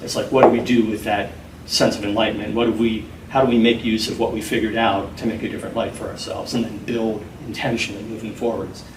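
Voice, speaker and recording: A middle-aged man talking earnestly and deliberately as a guest in a sit-down interview. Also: lowish voice, flat delivery. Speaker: interview guest, program founder. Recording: echoey room, mic at a distance, faint noise.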